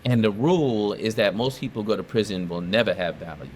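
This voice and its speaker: A man putting on the voice of an older, skeptical Southern senator with a slow drawl. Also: lowish voice, darkish tone, a little hiss or hum, close to an everyday voice. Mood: dismissive.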